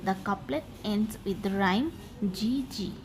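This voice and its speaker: Woman teaching poetry over slides, slow and careful, hiss in the background. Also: mid-range voice. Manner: slow, deliberate, stresses key syllables. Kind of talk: explanatory lesson voice-over. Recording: noisy voice-over.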